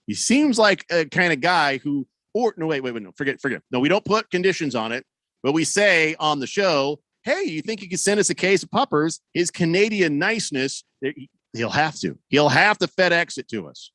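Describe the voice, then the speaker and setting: This sports radio host has a slightly high, somewhat bright voice and is very animated at a moderate pace, with no echo on the studio broadcast mic. He reads listener messages and chats casually, rambling, wry, and often correcting himself.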